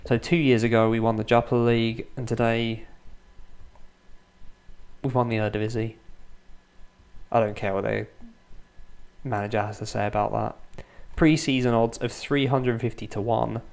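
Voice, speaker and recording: Gravelly man commentating a game quietly. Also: mid-range voice, little pitch movement, moderate pace, pauses often. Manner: restrained, kept quiet so as not to wake his children; dry, self-mocking humour. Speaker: gaming YouTuber. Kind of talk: Let's Play commentary. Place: home at night.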